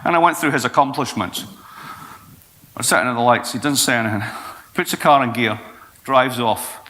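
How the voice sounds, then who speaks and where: A Scottish man in his forties, a guest speaker answering questions in a blunt, profane, lively way. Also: mid-range voice, normal speed, pauses often. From Scotland. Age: 40s. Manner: blunt, profane, animated storytelling. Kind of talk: Q&A talk at an event.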